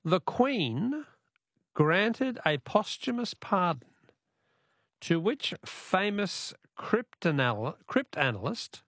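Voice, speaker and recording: Jovial Australian male radio quiz host, animated pitch, dry studio sound. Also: dry recording. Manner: jovial, laughs often, bantering with callers. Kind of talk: call-in quiz show.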